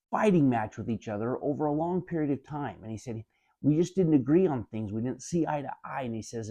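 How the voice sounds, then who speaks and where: A motivational speaker with a gravelly, low, dark voice gives earnest spoken commentary summarizing a book. Retelling an anecdote, he keeps repeating "he said" and calls his listeners "my friends."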